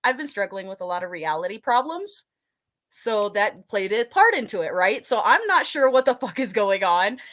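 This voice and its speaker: A woman's voice: medium pitch, very animated, moderate pace, fairly bright tone. A woman guest, a haunt actor and burlesque performer, telling stories in casual chat, giggly and rambling, swearing freely.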